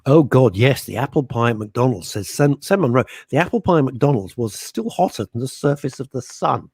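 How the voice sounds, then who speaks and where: A talkative man co-hosts a radio chat show and laughs often as he tells his stories. His voice is slightly husky and his pitch swings up and down a lot. The studio sound is dry and close. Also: animated, brisk, a little mellow, no echo. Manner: laughing, chatty storyteller.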